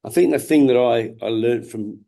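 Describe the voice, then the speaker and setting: A man's voice: medium pitch, normal speed, gravelly, mellow. A man in his fifties with an Australian accent, telling his story as an interview guest in a candid, earnest way, swearing freely and often restarting his sentences. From Perth, Australia. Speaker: guest, former world champion boxer.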